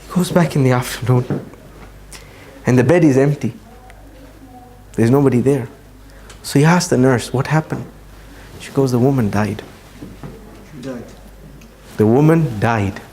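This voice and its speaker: A man giving a religious talk, telling a story earnestly and slowing down for emphasis. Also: medium pitch, warm tone. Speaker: Islamic speaker.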